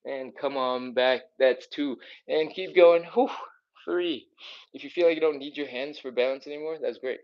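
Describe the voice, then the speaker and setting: On a lo-fi recording, a mobility and stretching instructor guides a live follow-along session in a mid-range voice at a moderate pace. He counts reps, sounds upbeat and encouraging, and is a bit winded from the exercise.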